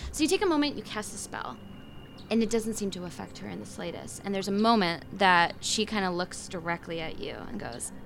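A woman's voice: mid-range voice, lively intonation, fairly quick, vocal fry, faint music behind. A woman running a tabletop game as game master, narrating vividly and loosely with fillers.

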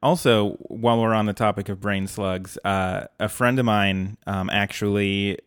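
A man's voice: on the low side, steady tone, a little slow, smooth, no room sound. A man co-hosting a casual podcast, talking in a dry, jokey way and quoting lines. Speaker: podcast co-host.

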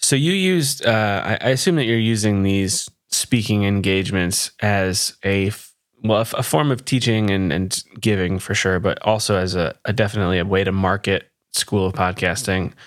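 A man's voice: on the low side, moderate pace, no echo, studio quality. A man hosting a podcast, asking a guest questions in a casual chat. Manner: brief affirming interjections. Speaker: podcast host.

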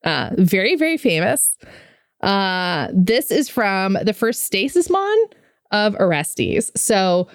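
A woman's voice: mid-range voice, very animated, slow pace, no room sound, studio quality. A woman co-hosting a podcast, chatting casually with many fillers and reading lore text aloud. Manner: chatty, filler-heavy, laughs often. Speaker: podcast co-host.

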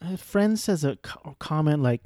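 Male reviewer, casual rambling delivery with profanity, warm low-key tone, dry room. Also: animated, measured pace, no room sound. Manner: rambling, profane, self-deprecating. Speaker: movie reviewer. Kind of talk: casual movie review monologue.

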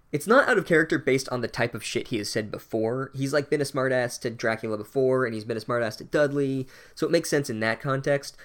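Man, sarcastic, swearing, ranting comedic book recap, middle pitch.

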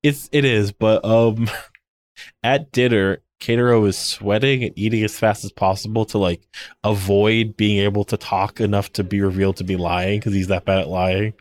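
This is a man co-hosting a podcast, recapping an episode in loose, casual chat. His voice sits a little low. He rambles through the story with constant "like" fillers and tells the scenes with animated energy. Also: moderate pace. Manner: rambling, many "like" fillers, animated retelling with laughs. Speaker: podcast co-host.

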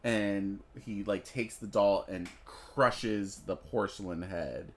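A man's voice: fairly low pitch, slow. A man co-hosting a podcast, talking through his theories on a movie in a thoughtful, casual way with plenty of fillers. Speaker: podcast co-host.

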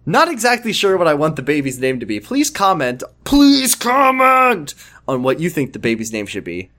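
A man with a somewhat high voice reads fanfiction aloud for laughs, his pitch leaping all over the place. He keeps stopping to crack jokes and comment on the text. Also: huge pitch swings, moderate pace, pushed and bright. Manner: breaks into laughter and side comments while reading. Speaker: podcast co-host reading fanfiction aloud. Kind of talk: comedic dramatic reading with banter.

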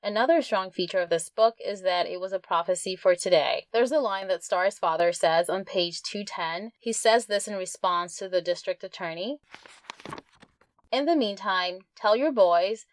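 A woman hosting a book podcast, giving an earnest, reflective review and reading passages aloud slowly. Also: fairly low pitch, slight background noise.

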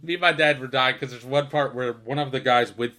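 A man's voice: medium pitch, brisk, sharp tone. A young man co-hosting a podcast, retelling film scenes in casual chat, laughing and swearing as he goes. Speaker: podcast co-host.

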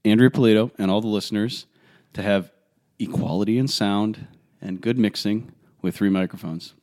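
A young man from Colorado co-hosts a relaxed podcast chat with a fairly low voice. He tells stories in an animated, self-mocking way, swinging up high when he acts out what people said and laughing along as he goes. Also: moderate pace. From Colorado, USA. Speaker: podcast co-host. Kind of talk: casual chat.

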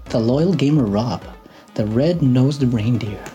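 A man's voice: medium pitch, slow pace, dark tone, faint music behind. A man co-hosting a gaming podcast, reading a listener's letter aloud in casual chat. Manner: reads listener letters aloud, laughs often. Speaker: podcast co-host.

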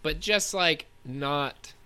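A man's voice: a little high, extremely slow, pushed and bright, clean tone. A man in casual comedic chat, laid-back and rambling, often trailing off.

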